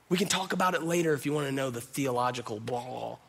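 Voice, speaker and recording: A man's voice: medium pitch, quick pace, gravelly, few pauses, a bit bright, slightly rough. A man preaching a conversational sermon, speaking casually and directly to the congregation. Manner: casual and direct, addresses listeners as "y'all", uses filler "like". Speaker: pastor.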